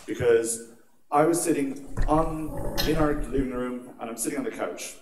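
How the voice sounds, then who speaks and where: In a large conference atrium, a man with an Irish accent gives a talk on security, sharing chatty personal anecdotes and laughing at his own stories. His mid-range voice moves at a moderate pace, picked up from a distance in an echoey hall with a noisy background.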